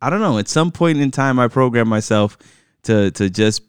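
A man's voice: mid-range voice, expressive, normal speed, clear, resonant tone, no echo, clean studio sound. A middle-aged man co-hosting a podcast in casual chat, upbeat and affirming, laughing often, a little tired. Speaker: podcast co-host.

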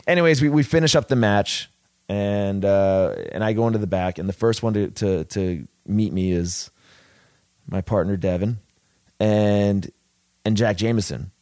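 Man, low voice, rambling profane storyteller, dry close mic. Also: a little slow, darkish tone, no echo. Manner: rambling, profane, many restarts. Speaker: wrestler telling a story. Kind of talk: casual podcast storytelling.

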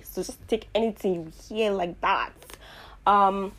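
A woman from Nigeria hosting her own show, talking in a casual, earnest and reflective monologue full of fillers and pauses. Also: mid-range voice. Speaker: podcast host.

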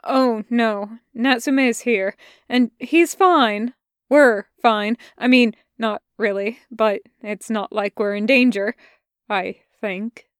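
A shy teenage boy stammers and hurries through his words, nervous on the phone, as a woman reads him in a storybook. The voice is smooth and fairly high. The sound is close and dry. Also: takes it slowly, no echo.

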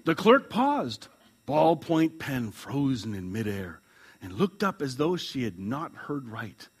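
A man preaching a sermon as a pastor, reading a story aloud, chuckling and swinging between loud and hushed lines. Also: mid-range voice, sing-song, slow, slightly rough.

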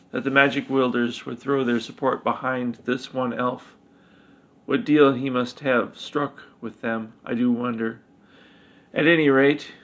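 A menacing, bulky male god speaks with cold authority, as a man reads him aloud. He bellows and croons with scorn. The voice is gravelly and flat in pitch.

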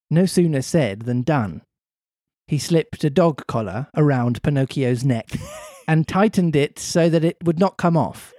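A man narrating a story aloud as a podcast host, with lively, playful delivery between the lines. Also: a little high, unhurried, no room sound, studio quality. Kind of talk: story narration with comic banter.

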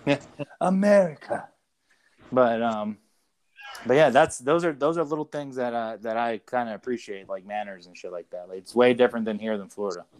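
A man's voice: mid-range voice, a little fast, clean tone. A man co-hosting a podcast, telling loose stories in casual chat, full of fillers and swearing. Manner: rambling storyteller, loose and profane, many fillers. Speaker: podcast co-host. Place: away from home, calling in to the show.

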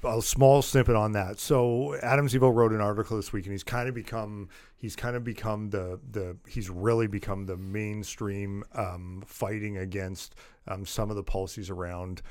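A man co-hosting a podcast in casual political chat, animated and full of fillers, getting louder and higher when indignant. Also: normal speed, dry recording. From Canada. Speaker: podcast co-host.

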